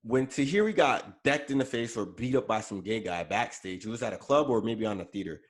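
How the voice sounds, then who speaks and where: A man's voice: lowish voice, animated, a little fast. A man co-hosting a podcast, chatting casually about celebrity news with frequent fillers and self-corrections. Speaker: podcast co-host. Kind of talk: casual pop culture chat.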